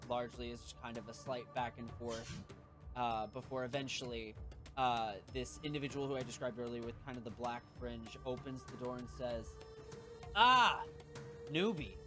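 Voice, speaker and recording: A man's voice: medium pitch, level tone, fairly quick, music in the background. A man narrating as game master for a tabletop game, in a loose way with lots of fillers.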